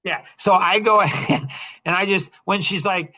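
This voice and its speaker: An older man in his sixties hosts a podcast and tells a story from his own life. His tone is bright and his pitch sits a little high. He laughs and acts out the lines of dialogue with bursts of excitement. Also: normal speed. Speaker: podcast host. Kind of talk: personal storytelling.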